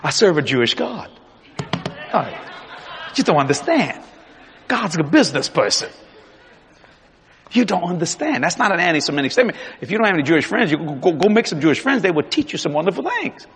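Man preaching, husky voice, lively pitch, long hall reverb. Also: a little fast, pauses often. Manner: animated preaching, voice swinging from loud to hushed. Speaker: pastor. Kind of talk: sermon. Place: large church hall.

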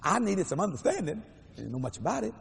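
Older man preaching, high voice, gravelly, swooping pitch, echoey church hall, faint ambience. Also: fast, a little hiss or hum. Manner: animated, dramatic pitch swings, playful asides. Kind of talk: storytelling sermon.

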